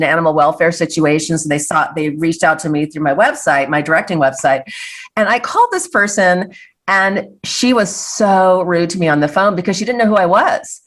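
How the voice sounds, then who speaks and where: A woman's voice: on the low side, a bit bright. A middle-aged woman speaking as a guest in a casual interview, earnest and reflective, often restarting her sentences. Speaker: guest, filmmaker.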